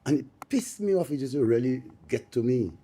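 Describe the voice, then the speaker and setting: A man, speaking up from the audience of a panel discussion, impassioned and halting, repeating words as he goes. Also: medium pitch, animated, dark tone, husky. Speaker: live audience member.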